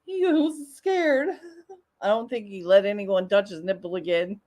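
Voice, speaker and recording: A woman's voice: mid-range voice, measured pace, warm tone. A woman hosting a casual livestream, joking and swearing freely as she chats with viewers. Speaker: livestream host.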